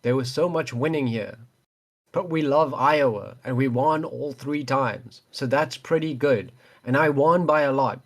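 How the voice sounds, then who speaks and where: A man's voice: medium pitch, a little slow. A man reading out a rambling rally speech as a boastful male politician.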